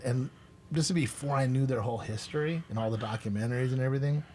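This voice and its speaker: A middle-aged man hosting a podcast, telling stories in a loose, animated way and acting out the voices of people he quotes. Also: medium pitch, racing, a little hiss or hum. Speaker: podcast host. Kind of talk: boozy casual storytelling.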